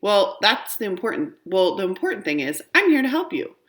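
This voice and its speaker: A woman's voice: mid-range voice, sing-song, brisk, a bit bright, echoey room, pitched above the performer's own voice. Woman doing a confused little fairy-godmother man. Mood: muddled. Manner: eager, muddled.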